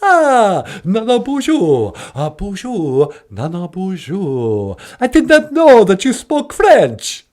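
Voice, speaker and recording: A man's voice: high-pitched, huge pitch swings, slow, hardly any pauses, a little mellow, voice pushed up, full character voice. A man doing a put-on Transylvanian accent as a theatrical male vampire count who is obsessed with counting and laughs "ah, ah, ah".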